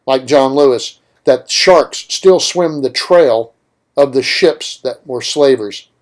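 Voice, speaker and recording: A man's voice: mid-range voice, a little mellow. A man hosting a political talk radio show, delivering an opinionated monologue with emphatic points and rhetorical questions.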